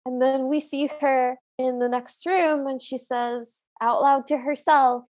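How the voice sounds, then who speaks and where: A podcast co-host with a high, bright-pitched voice chats casually with her friend. She speaks earnestly and says plainly what she does and doesn't like. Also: fairly even intonation, measured pace. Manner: earnest, opinionated, frank about likes and dislikes. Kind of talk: casual chat.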